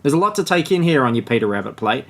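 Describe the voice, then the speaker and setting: A man's voice: mid-range voice, sing-song, racing. Crude, joking male podcast host. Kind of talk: casual book-club chat with read-aloud passages.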